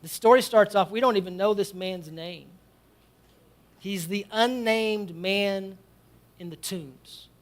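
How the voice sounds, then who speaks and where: A male pastor preaching a sermon in a church. He is fervent, swinging between shouts and hushed storytelling, and leads his congregation in call-and-response. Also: high-pitched, slow. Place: church sanctuary.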